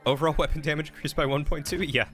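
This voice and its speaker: A man streaming a game and chatting casually, telling an animated story. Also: racing, music in the background. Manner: animated storytelling, rising pitch when quoting an argument. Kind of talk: casual gameplay stream chat.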